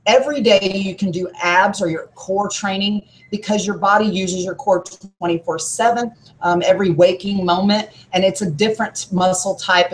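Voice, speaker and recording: A woman trainer explains workouts in an upbeat, coach-like way, her voice sitting at a middle pitch. She talks as a podcast guest. A faint noise hangs behind her. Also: poor audio. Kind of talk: podcast advice talk.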